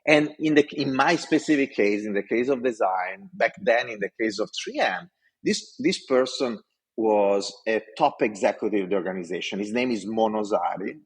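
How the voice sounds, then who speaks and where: Husky-voiced Italian man, passionate storyteller. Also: fairly low pitch, expressive, moderate pace, poor audio. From Italy. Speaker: podcast guest. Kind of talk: interview storytelling.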